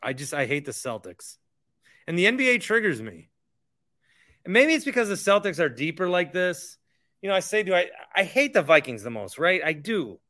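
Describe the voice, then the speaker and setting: Young male podcast host, heated ranter, forceful and slightly high voice. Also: big pitch swings, moderate pace. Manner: heated, ranting, repeats himself. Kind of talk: casual sports talk monologue.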